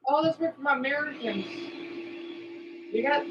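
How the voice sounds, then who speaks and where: A man with a very high voice and a measured pace livestreams, reacting to videos and chatting with viewers. He's upset and rambling, restarting often and apologizing a lot, over lo-fi sound with background noise.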